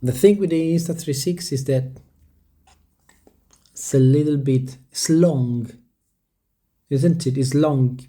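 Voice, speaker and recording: Hesitant rambling man, mellow voice. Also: mid-range voice, slow pace, long pauses. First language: not English. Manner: rambling, hesitant, with many restarts; stumbles over word pronunciation. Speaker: vlogger. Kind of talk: casual talk to camera.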